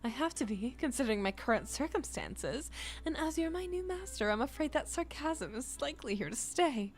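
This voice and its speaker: A woman's voice: high voice, very animated, moderate pace, pitched above the performer's own voice. A woman voicing a haughty, grandiose male talking spellbook in a game, indignant and old-fashioned in phrasing. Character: pompous haughty male magic talking book. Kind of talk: reading game dialogue aloud.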